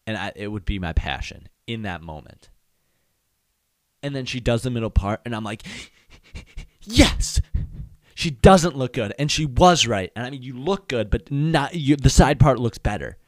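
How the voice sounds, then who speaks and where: A man's voice: mid-range voice, expressive, moderate pace, no room sound, clean studio sound. A young man hosting a podcast, rambling through a casual comedic monologue, hyped up and swapping silly words in for swears. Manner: hyped, rambling, self-censoring with silly substitutes. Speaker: podcast host.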